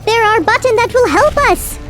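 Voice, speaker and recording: Woman putting on a squeaky, sing-song game sidekick gal. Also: moderate pace, a bit bright, soft background music. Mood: eager. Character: cheerful young female game companion.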